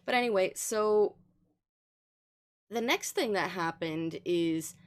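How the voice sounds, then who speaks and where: A woman livestreamer with a medium-pitched, clean-toned voice speaks slowly as she casually recaps a game's story so far. Her let's play chat is full of ums and laughter.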